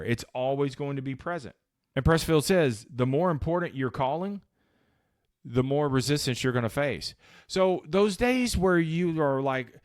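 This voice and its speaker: A man's voice: medium pitch, no echo, clean studio sound. A man hosting a motivational podcast, talking casually and with emphasis, using slang and acting out the voices in his head. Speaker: podcast host.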